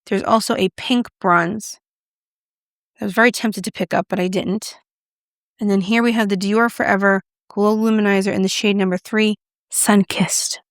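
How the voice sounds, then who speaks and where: A woman's voice: medium pitch, steady tone, normal speed, no echo, studio quality. A woman presenting a makeup review vlog, gushing and effusive as she shows off each product. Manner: gushing, effusive, repeats "beautiful". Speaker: beauty vlogger.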